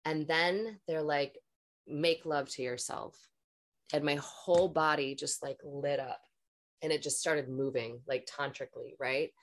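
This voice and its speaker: Woman, low voice, energy healer, podcast guest, candid storytelling, rambling, swears freely. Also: steady tone, a little slow.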